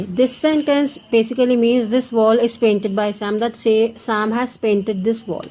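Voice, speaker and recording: A young woman with an Indian accent explains grammar in a patient classroom manner. She goes over each point more than once and now and then slips into Hindi. Her voice sits a little high, and the recording sounds dull and lo-fi. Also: steady tone, a little slow, few pauses, mellow. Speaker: English grammar teacher. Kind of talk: classroom lesson.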